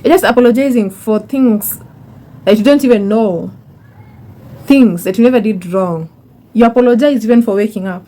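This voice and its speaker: A woman's voice: on the high side, normal speed, long pauses, dark tone. A young woman giving chatty advice to her viewers, repeating words for emphasis and calling them honey. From Kenya. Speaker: YouTuber. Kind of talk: casual advice monologue.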